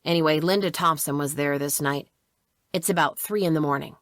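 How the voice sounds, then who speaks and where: A woman's voice: sits low, fairly quick, no room sound, clean studio sound. A woman reading a first-person memoir as an audiobook narrator, telling it plainly with casual asides.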